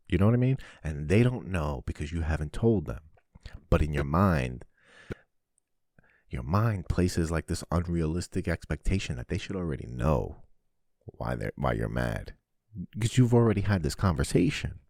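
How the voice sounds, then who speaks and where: A man hosting a podcast, giving a casual, animated monologue full of swearing. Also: extremely low pitch, normal speed, dry recording, clean studio sound. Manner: swears often, animated and preachy. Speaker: podcast host.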